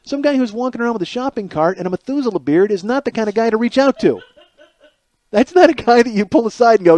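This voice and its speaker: A man's voice: very high voice, animated, fast talker, a little mellow, no room sound, muffled recording. A man hosting a comedy podcast, delivering a sarcastic, exasperated rant full of profanity.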